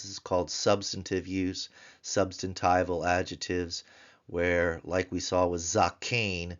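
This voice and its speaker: A man teaching Biblical Hebrew grammar in a recorded lesson, explaining slowly and chanting word forms in a sing-song voice. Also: low voice, a bit bright, lo-fi sound. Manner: slow, deliberate explanations.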